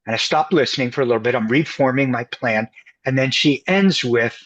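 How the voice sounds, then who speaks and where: The audio is dull as a U.S. couples counselor, a guest in an interview, tells an animated story and mimics the voices of its characters. His pitch is medium and he talks a little fast.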